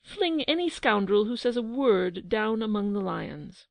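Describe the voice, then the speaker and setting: A woman's voice: medium pitch, sing-song, a little slow, creaky, no room sound. A woman playing a roaring tyrant king. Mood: furious. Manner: roaring, pompous. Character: blustering tyrant king, old, quick-tempered.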